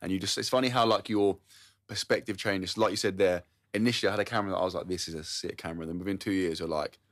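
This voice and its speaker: Give me a podcast guest speaking fast in a low voice, rambling casually and agreeing often. His voice is close and dry, with no room sound. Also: a bit bright, no echo. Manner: rambling, many fillers and agreeing "yeah"s.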